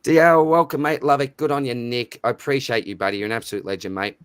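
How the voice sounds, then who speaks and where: A man's voice: mid-range voice, fairly even intonation, fast talker, smooth, no room sound, studio quality. A man with an Australian accent hosting a live stream in casual chat, matey and chatty as he reads out viewer names. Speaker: livestream host.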